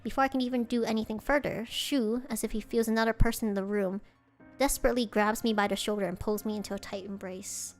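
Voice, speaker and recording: A woman's voice: a little high, fairly even intonation, fast, soft background music. A woman streamer reading a visual novel aloud, breaking off to react with dismay.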